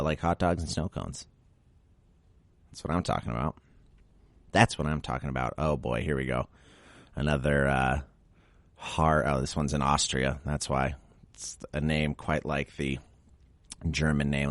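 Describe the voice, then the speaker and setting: Guy with a really low voice doing a podcast, reads stuff then cracks dry jokes about it, pretty dead dry sound. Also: dry recording. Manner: wry, sarcastic commentary. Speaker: podcast host. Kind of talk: reading a list with jokey asides.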